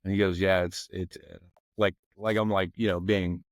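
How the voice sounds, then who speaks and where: This former football player, a man in his forties from the McKeesport, Pennsylvania area, rambles casually as a podcast guest, peppering his talk with "you know what I mean." His deep voice barely shifts in pitch, moving at a moderate pace with no echo.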